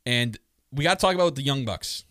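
Male podcast co-host, excitable and jokey, recorded close and dry. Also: mid-range voice, fairly quick, no echo. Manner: excitable, joking, many restarts. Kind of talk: casual wrestling chat.

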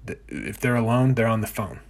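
A man's voice: fairly low pitch, lively intonation, fairly quick, creaky. A man in his thirties hosting a solo podcast, ranting in a profane, exasperated way. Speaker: podcast host.

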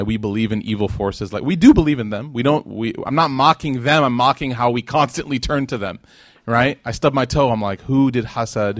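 In a dry recording, a man with a mid-range voice gives a religious lecture to people in the room. He keeps the tone light and joking, imitating the people in his stories with animated voices.

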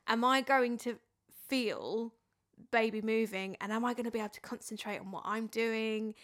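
A woman's voice: fairly high pitch, fairly bright tone. A woman, a singer, chatting casually and telling a reflective story. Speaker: singer and podcast guest. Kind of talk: casual chat.

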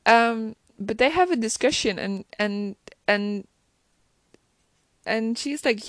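A woman's voice: fairly high pitch, slow pace, pauses often, no room sound. Gushing chatty woman reviewer. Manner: gushing, chatty, many restarts. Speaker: show reviewer. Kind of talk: casual episode recap.

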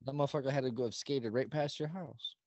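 A man's voice: medium pitch, fast, darkish tone, dry recording, muffled recording. A man co-hosting a podcast, breaking into casual chat with profane jokes and questions. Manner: joking, profane interjections and questions. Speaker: podcast co-host.

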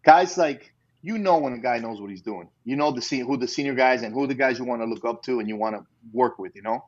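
A middle-aged former undercover agent recalls his career in an easygoing, chatty way, tossing in "you know" and quick laughs. His voice sits at an ordinary pitch. The audio is a little dull and lo-fi. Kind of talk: casual storytelling interview.

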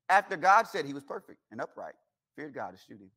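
Man, high voice, guest preacher, folksy humorous sermon, church service. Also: sing-song, brisk, bright, forceful tone. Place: church sanctuary.

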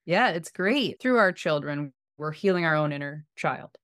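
Lower-voiced woman co-host. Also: expressive, moderate pace, a bit bright, dry recording, studio quality. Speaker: podcast co-host; parent. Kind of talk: casual chat.

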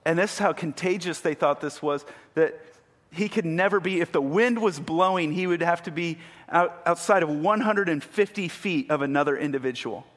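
A man's voice: high-pitched, fairly bright tone. A man preaching a sermon, retelling a story vividly and building to emphatic peaks. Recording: long hall reverb.

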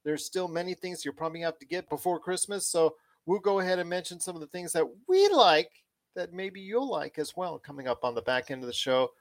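Animated, enthusiastic podcast host. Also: male voice, a little fast. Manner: animated, big pitch swings, enthusiastic. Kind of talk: casual pop-culture podcast chat.

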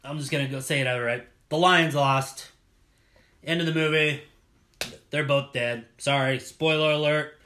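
A man's voice: fairly high pitch, steady tone, normal speed, bright, forceful tone, slight background noise. A man co-hosting a casual movie podcast, blunt and joking as he runs the segments. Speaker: podcast co-host. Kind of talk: casual movie-review chat.

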